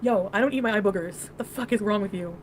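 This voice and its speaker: A woman's voice: mid-range voice, quick pace, a little hiss or hum. A woman livestreamer chatting casually with her viewers, crude, giggly and defensive.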